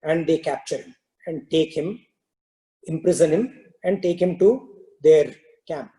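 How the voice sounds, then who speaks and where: A man's voice: on the high side, measured pace, mellow, low-quality recording. A man giving a spiritual teaching, explaining terms and telling a parable in a loose, filler-filled storytelling way. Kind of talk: scripture talk with a parable.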